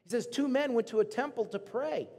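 A man's voice: extremely high pitch, brisk, a little mellow, long reverb tail. A man in his thirties preaching a casual, conversational sermon to his congregation, often acting out the voices of the people in his story. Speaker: pastor.

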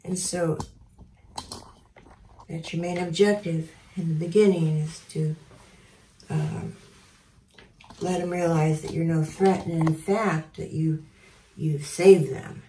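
A woman speaks slowly in a mellow, low-leaning voice, mixing tips with soft, near-whispered baby talk to a bird. She sounds set back from the mic in a roomy, echoing space, as if in an aviary. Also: fairly even intonation, a little hiss or hum. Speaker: bird breeder showing a tame parrot. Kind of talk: casual bird-handling demonstration. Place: aviary indoors. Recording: roomy, from a distance.

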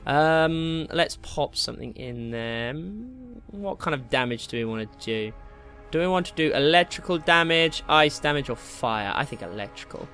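A man giving casual, excitable commentary while playing a game, swearing and taunting enemies. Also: fairly high pitch, moderate pace, soft background music. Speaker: gameplay commentator.

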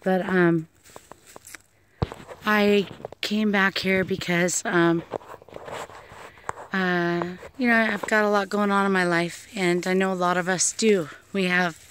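A woman psychic medium talking calmly and gently outdoors by a pond, in a casual vlog that moves into a spoken prayer. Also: fairly low pitch, slow, pauses often, slight background noise. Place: outdoors by a pond among trees.

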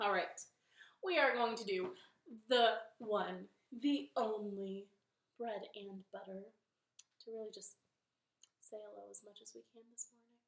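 A woman's voice: mid-range voice, a little slow, long pauses, roomy sound. A young woman hosting a children's storytime from her living room, cheerfully coaxing kids to sing along with a ukulele. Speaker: library storytime host.

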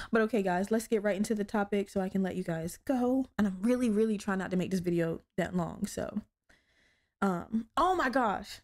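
A young woman hosting her own podcast, telling stories in a blunt, profane, animated way. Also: mid-range voice, normal speed, long pauses. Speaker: podcast host. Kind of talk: casual solo podcast chat.

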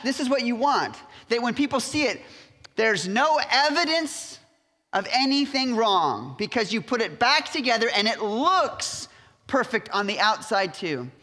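High, bright-voiced preacher in a big hall. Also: male voice. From United States. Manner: animated storytelling, acting out quotes. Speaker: pastor. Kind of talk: sermon. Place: church sanctuary. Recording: reverberant church hall.

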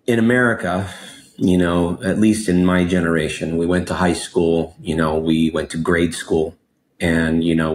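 A man in his forties, born in Mexico and raised in Los Angeles, telling his life story as an interview guest in an expressive, animated way, peppered with "you know". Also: low voice, a little hiss or hum. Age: 40s. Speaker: guest entrepreneur.

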